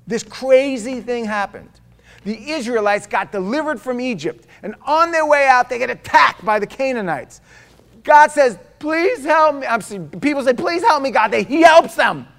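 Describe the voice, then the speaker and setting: High-voiced man preaching with emphatic swings. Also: expressive, normal speed, creaky. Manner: emphatic, swinging between loud declaration and quiet, low asides; rhetorical questions to the congregation. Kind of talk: sermon.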